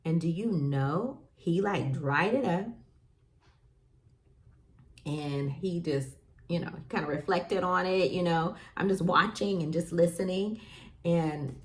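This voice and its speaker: A woman's voice: fairly low pitch, measured pace, darkish tone. A woman hosting a parenting talk, chatting casually and telling stories with lots of fillers. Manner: chatty, storytelling with lots of fillers and acted quotes. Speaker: podcast host.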